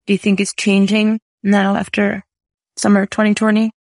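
A host with a mid-range voice leads the interview, asking open questions that wander and circle back with fillers. The delivery is casual and unhurried. The recording is close and dry. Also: medium pitch, monotone, no echo. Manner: loose, hesitant questioning with fillers. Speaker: podcast host. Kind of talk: conversational interview.

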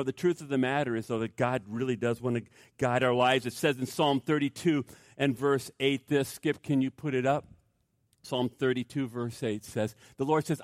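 A man preaching a sermon, emphatic, repeating key phrases and swinging between raised emphasis and hushed delivery. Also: fairly high pitch, no room sound, clean studio sound. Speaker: pastor.

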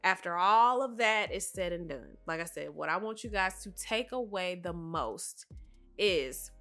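A woman with a fairly low pitch, lively intonation, and a sharp tone speaks at a measured pace over faint music. Hosting a solo motivational podcast, she addresses listeners earnestly and directly, her voice a bit nasal and congested from a cough.

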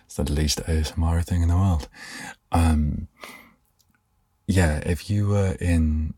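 A young man hosting a sleepy podcast, rambling softly and trailing off. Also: low-pitched, steady tone, takes it slowly, pauses often, husky, dry recording. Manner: meandering, soft-spoken, trails off. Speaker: podcast host.

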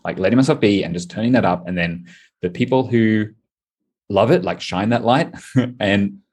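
A man with a low, husky voice chats in a relaxed podcast conversation. He talks in loose, quick bursts and breaks into laughter often. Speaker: coaching client, guest.

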